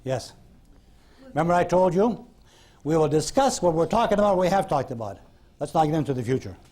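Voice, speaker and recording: A man's voice: fairly high pitch, very animated, brisk, darkish tone. A man teaching a hypnosis class in blunt, folksy style, acting out talks with his clients. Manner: folksy, blunt storytelling, acts out dialogue with clients. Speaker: hypnosis instructor. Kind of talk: recorded classroom lecture. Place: lecture room with audience.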